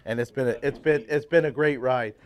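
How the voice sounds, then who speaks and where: A man in his fifties, a church pastor, casually telling his life story to a men's breakfast group, swinging from loud, laughing bursts to quiet, earnest stretches. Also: medium pitch, brisk. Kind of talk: casual personal testimony talk. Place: live talk to a roomful of men at a breakfast.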